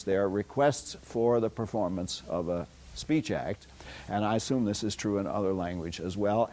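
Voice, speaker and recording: A man's voice: medium pitch, mellow. An older American man giving a university philosophy lecture, rambling through anecdotes with frequent fillers and restarts. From United States. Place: lecture hall.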